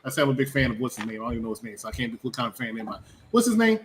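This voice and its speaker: This man co-hosts a wrestling review show, talking in a rapid-fire, mid-range voice as he rambles and jokes. He's animated and full of mocking impressions, and a faint background hum runs underneath.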